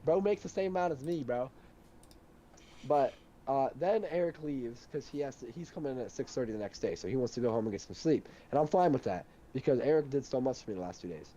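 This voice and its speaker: A young man telling a heated story in casual chat, animated and swearing a lot. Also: medium pitch, brisk, highs cut off.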